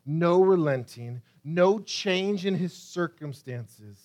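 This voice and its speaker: Impassioned high-voiced male pastor preaching. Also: lively intonation. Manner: impassioned, swings from loud pleas to hushed near-whispers; reads scripture aloud with dramatic pauses. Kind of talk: sermon.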